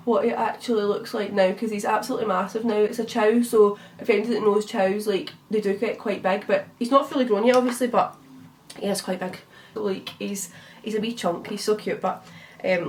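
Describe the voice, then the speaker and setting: Fast-talking chatty Scottish woman. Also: medium pitch, distant mic, slight background noise. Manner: chatty, swearing, lots of fillers. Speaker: beauty vlogger. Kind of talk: casual storytelling while doing makeup.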